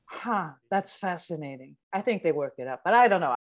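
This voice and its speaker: A woman's voice: lowish voice, animated, brisk, no echo. A woman in her forties, a brain scientist, talking animatedly in a podcast interview and laughing often.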